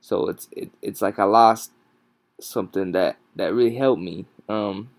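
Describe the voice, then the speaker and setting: A worn-out man talks through his podcast from home, his low voice halting and full of pauses and restarts. He sounds sleep-deprived and yawns often. The sound is dry and close, captured without a proper microphone. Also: no room sound. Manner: halting, many ums and restarts, tired and yawning. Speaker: podcast host. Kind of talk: casual solo podcast talk. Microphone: no proper microphone, home recording.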